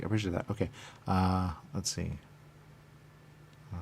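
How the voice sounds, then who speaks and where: A man's voice: sits low, steady tone, normal speed, long pauses, a little mellow, a little hiss or hum. A man in a rambling, repetitive monologue, muttering questions and then answering them himself. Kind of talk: rambling stream-of-consciousness monologue.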